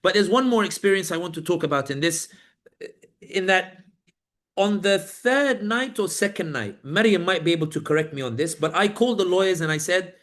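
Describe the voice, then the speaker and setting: Male speaker, fairly high voice, lively first-person storyteller who acts out the other people in his story. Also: moderate pace. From Britain. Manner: animated storytelling, acting out guards and inmates. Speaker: speaker recounting detention. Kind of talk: personal account at a press event.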